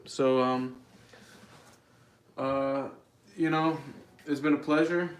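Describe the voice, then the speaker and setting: Male livestream host, unhurried, dry mock-earnest delivery, guitar in the background. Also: mid-range voice. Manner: deadpan, mock-earnest comedic rambling. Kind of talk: casual livestream chat.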